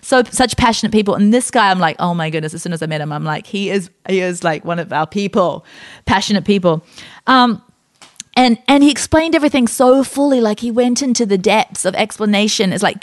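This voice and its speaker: A woman podcast host telling a story in a casual, animated way, with lots of fillers and restarts. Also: medium pitch, brisk, dry recording, studio quality.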